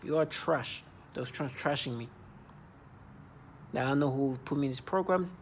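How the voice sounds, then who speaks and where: Guy in his 30s ranting to camera, angry and repetitive, gravelly voice. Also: medium pitch, normal speed, a little hiss or hum. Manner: agitated, repetitive, accusing. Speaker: vlogger.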